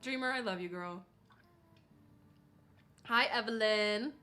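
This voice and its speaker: A woman's voice: medium pitch, takes it slowly, pushed and bright. A young woman streaming, chatting casually and reading chat aloud, saying "like" a lot and laughing often.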